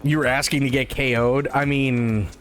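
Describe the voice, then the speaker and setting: A man streaming a game live who tells a long, rambling story in casual, profane, animated chat and laughs at his own tales. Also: medium pitch, moderate pace, faint music behind.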